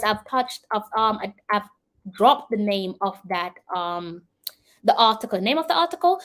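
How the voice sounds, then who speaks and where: Hosting a live-stream commentary, this woman from Jamaica talks straight to her audience in a Jamaican accent. Her mid-range voice carries an earnest, persuasive tone as she responds to viewer comments.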